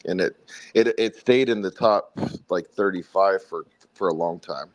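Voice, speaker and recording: A man from South Carolina with a faint Southern accent, telling the story behind his song in a relaxed, rambling way during a casual interview. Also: deep voice, normal speed, poor audio. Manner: rambling, friendly storytelling with fillers. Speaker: songwriter guest.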